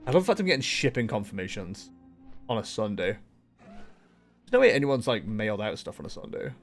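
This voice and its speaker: A man's voice: lowish voice, big pitch swings, a little fast, soft background music. A man chatting casually as he streams a game, rambling along with frequent fillers and self-corrections. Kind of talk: casual gameplay commentary.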